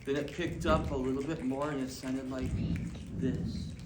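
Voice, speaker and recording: A woman performing an interactive children's story in a theater, playful and animated, talking directly to the kids. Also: extremely low pitch, normal speed, far from the mic. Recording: echoey theater from afar, noisy.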